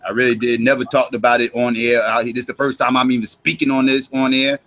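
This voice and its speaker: A man's voice: medium pitch, flat delivery, bright, forceful tone. A man hosting an online show, speaking hesitantly with many restarts. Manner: hesitant, halting, restarts often. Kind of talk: casual chat.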